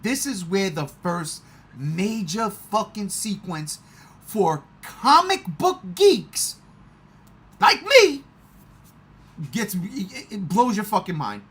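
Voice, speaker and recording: A man chatting casually in a movie review, excitable and swearing often. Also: sits high, slow, slightly rough. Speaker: podcast host.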